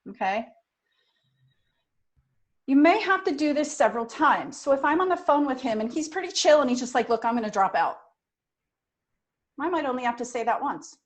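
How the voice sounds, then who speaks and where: A middle-aged woman runs a training session for front office staff. She talks in a direct, energetic coaching tone, and her voice sits a little high. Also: moderate pace. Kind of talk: training talk.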